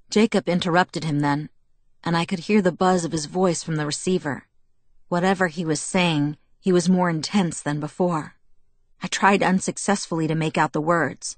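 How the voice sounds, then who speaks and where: Woman audiobook narrator, lowish voice, dry close recording, steady first-person telling. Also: moderate pace, no echo.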